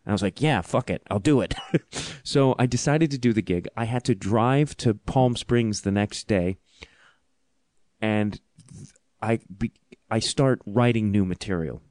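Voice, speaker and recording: A male podcast host tells a comic story with animated, self-deprecating energy and frequent laughter. His voice sits on the low side. The sound is dry and close. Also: unhurried, pauses often, dry recording.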